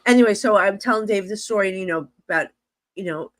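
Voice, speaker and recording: A middle-aged woman with a New Jersey accent, a psychic medium guest on a podcast, telling a story in an animated way, acting out dialogue and laughing often. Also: mid-range voice, a little fast, dry recording.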